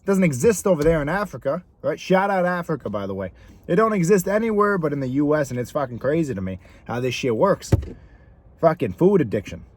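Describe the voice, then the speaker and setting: A man's voice: on the high side, lively intonation, fairly quick, a little mellow. A young man delivering a blunt, profane comedic rant straight to camera, firing off mocking rhetorical questions. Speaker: vlogger.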